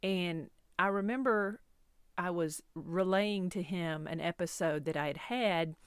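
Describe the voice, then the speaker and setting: A woman's voice: on the low side, a little slow, smooth, no room sound, studio quality. A woman in her fifties telling a personal story as a podcast host, candid and self-deprecating, rambling with restarts. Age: 50s.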